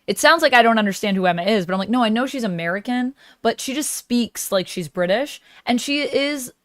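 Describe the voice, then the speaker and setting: A woman's voice: a little high, animated, fairly quick, no echo, clean studio sound. A woman hosting a livestream in casual, chatty talk, laughing easily as she goes. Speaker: livestream host. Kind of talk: casual chat.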